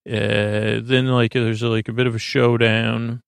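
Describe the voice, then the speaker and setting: Gravelly, flat-voiced man recapping casually. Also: medium pitch, slow pace, no room sound, clean studio sound. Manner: rambling, filler-heavy retelling with many "he goes". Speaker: podcast host. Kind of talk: casual episode recap for sleep.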